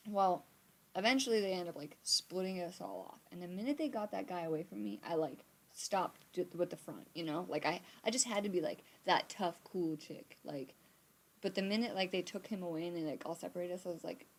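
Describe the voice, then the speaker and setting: On a computer-based live stream, a young woman tells a casual story, fairly quick and in a lowish voice. She acts out quotes, swears a lot, and keeps the energy animated.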